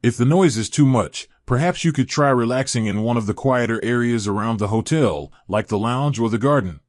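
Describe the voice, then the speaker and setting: A man voicing a young hotel pool attendant in his twenties who speaks gently, slowly and carefully. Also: mid-range voice, no echo, studio quality, close to an everyday voice. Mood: polite. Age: 20s.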